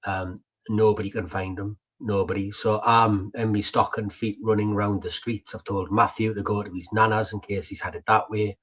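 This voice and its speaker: A man's voice: on the low side, flat delivery, normal speed, few pauses, fairly bright tone. A man, co-hosting a podcast and telling family stories in casual chat, full of fillers and the odd swear. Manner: chatty, swears, tells stories with many fillers. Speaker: podcast co-host.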